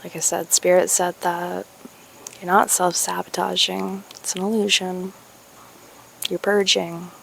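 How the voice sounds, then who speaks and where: A young woman talking candidly to her viewers in a vlog, musing slowly, laughing and swearing casually. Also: fairly low pitch, level tone, creaky, fairly bright tone, slight background noise. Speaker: spiritual YouTuber.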